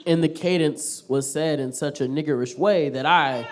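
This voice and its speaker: Crude, swearing stand-up comedian on a stage mic. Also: male voice, on the high side, moderate pace. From Tulsa, Oklahoma. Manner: crude, swearing storyteller, riffing with the crowd. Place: small theater stage before a live audience.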